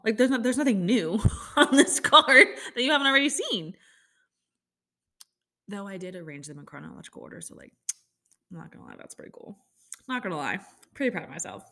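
A woman's voice: mid-range voice, fairly bright tone. A woman in her thirties rants in a loose, chatty way, full of sarcasm and filler words. She sounds like a host talking casually to regular listeners. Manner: chatty, sarcastic ranting with many likes. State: upset stomach. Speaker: podcast host. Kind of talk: casual chat.

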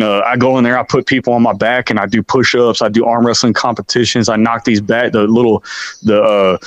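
A man's voice: medium pitch, no echo. A man in his forties, a podcast guest telling a rowdy story in a casual, profane way and calling the listener "bro" again and again. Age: 40s. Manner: animated, profane, keeps saying "bro".

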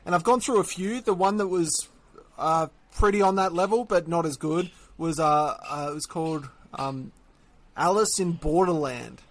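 An Australian man co-hosting a podcast, talking in easy, teasing banter. His voice sits a touch higher than most men's. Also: moderate pace. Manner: teasing, laid-back banter. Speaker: podcast co-host. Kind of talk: casual chat.

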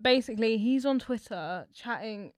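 A young woman co-hosts a chatty podcast, her voice sitting a little high. She talks in an animated, slangy, teasing way. The sound is dry and close, with little room around it. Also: moderate pace, no room sound. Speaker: podcast co-host. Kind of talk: casual chat.

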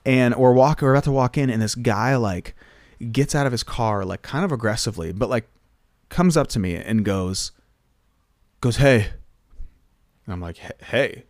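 A man's voice: medium pitch, normal speed, a little mellow, dry recording. A man, a guest pop singer, telling a casual rambling story full of filler words into a close mic.

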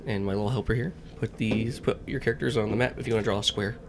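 A man's voice: fairly low pitch, steady tone, quick pace, noisy background. A man running a tabletop game as game master, joking loosely and tripping over words as he narrates.

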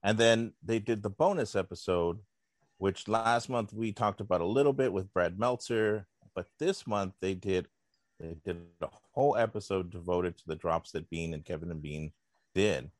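A man's voice: low voice, normal speed, no echo. A man hosting a podcast, recapping segments in a dry, rambling casual chat. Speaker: podcast host.

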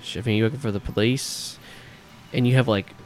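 A man's voice: mid-range voice, fairly even intonation, a little fast, a little hiss or hum. A man narrating a tabletop game as game master, in a casual, loose way. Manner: casual, loose, filler-heavy.

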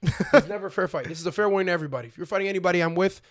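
Fast-talking young man spinning a story. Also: high voice. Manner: animated, acts out friends' voices, slangy. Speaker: podcast co-host. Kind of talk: casual storytelling chat.

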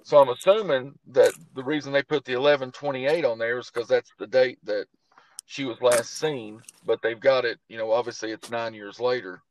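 A man hosting an interview podcast, going calmly over report details and thinking aloud about the case. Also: mid-range voice, moderate pace, lo-fi sound, slight background noise. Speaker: podcast host. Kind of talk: interviewer, casual questions.

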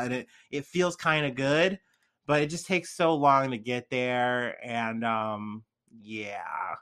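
A young man talks casually to his viewers, a little drunk and high. His talk wanders loosely and is full of fillers and slang. His voice sits at an average male pitch. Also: a little slow, a bit bright. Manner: laid-back, heavy on fillers and slang. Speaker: vlogger. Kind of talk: casual rambling monologue.

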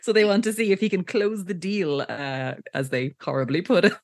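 A woman's voice: fairly low pitch, no echo, clean studio sound. A woman co-hosting a casual podcast, recapping a TV episode and acting out the characters' lines with frequent giggles. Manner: giggly, acts out characters' lines in quick voices. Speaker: podcast co-host.

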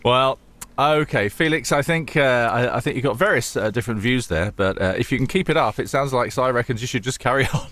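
A man's voice: mid-range voice, a little fast, a bit bright. A man hosting, reading out a listener's letter and summing up the advice. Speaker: host.

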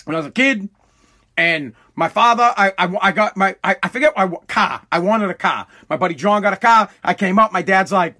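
Man, bright edgy voice, high pitch, casual profane storytelling. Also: fairly quick. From Massachusetts. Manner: blunt, profane, animated storytelling with restarts.

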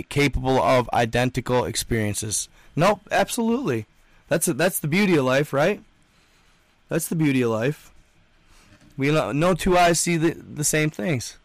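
A man's voice: mid-range voice, no echo. A young man hosting a livestream, chatting and reading out comments in an emphatic, slangy way, repeating himself often. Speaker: livestream host.

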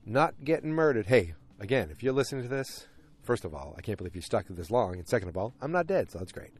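Rambling man with a low voice. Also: very animated, fast, husky. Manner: rambling, lots of fillers and restarts. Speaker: podcast host recapping a TV show. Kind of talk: casual chat.

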